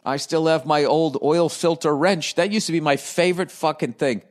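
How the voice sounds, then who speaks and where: A man's voice: a little high, normal speed. A middle-aged man with a profane, ranting, self-deprecating manner, telling a casual comedic story.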